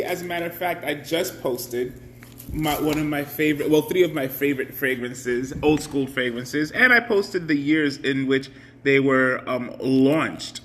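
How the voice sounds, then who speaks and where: Slow, chatty man hosting a live stream. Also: on the high side, slight background noise. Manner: chatty, greets viewers by name; laughs often. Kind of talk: casual live-stream chat.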